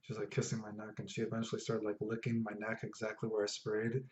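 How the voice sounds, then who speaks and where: A man's voice: on the low side, completely flat delivery, fast talker, a little mellow. A man casually telling stories to camera about reactions to his fragrances, rambling with lots of fillers and asides. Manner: rambling, laid-back, many fillers and asides. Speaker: fragrance vlogger. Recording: echoey room, dull lo-fi sound.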